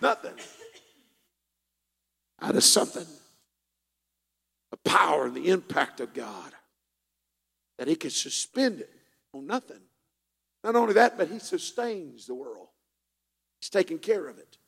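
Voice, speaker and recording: A man preaching a sermon as pastor of a church, moving between quiet storytelling and shouted, half-sung passages. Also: on the high side, very animated, a little slow, gravelly, long pauses, breathy edge. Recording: long reverb of a church hall.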